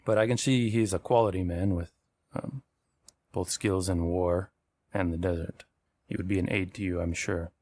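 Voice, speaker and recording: A man's voice: low voice, steady tone, normal speed, darkish tone, no echo. A man voicing a dignified male desert village elder in a tabletop role-play, speaking formally and courteously.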